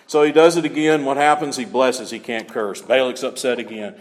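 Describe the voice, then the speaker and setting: A man's voice: medium pitch, steady tone, a little fast, hardly any pauses. A man preaching a sermon with emphatic, repeated key phrases, in a church. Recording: long hall reverb.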